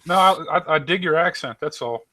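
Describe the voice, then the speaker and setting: A man's voice: fairly high pitch, a little fast, pushed and bright. A man with a Western US accent in a casual group voice chat, laid-back and curious.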